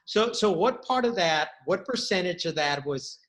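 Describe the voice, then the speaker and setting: Halting man asking interview questions. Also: sits high, lively intonation, fairly bright tone, low-quality recording. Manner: halting, restarts and repeats words. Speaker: podcast host.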